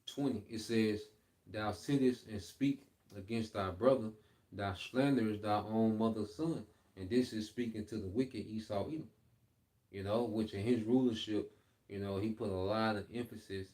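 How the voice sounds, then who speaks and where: Reading scripture out loud before explaining it, this Bible teacher speaks in a fairly low, dark-toned voice. His explanations are casual and repetitive, and he often caps lines with "man" or "okay?".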